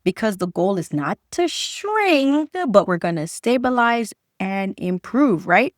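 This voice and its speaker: A woman doctor with a fairly high, very lively voice that swings up and down as she talks. She is animated and conversational, firing rhetorical questions and doubling back on her points. The sound is dry and close, with no room in it. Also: unhurried, hardly any pauses, no echo. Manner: repeats key points for emphasis. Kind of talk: direct-to-camera health talk.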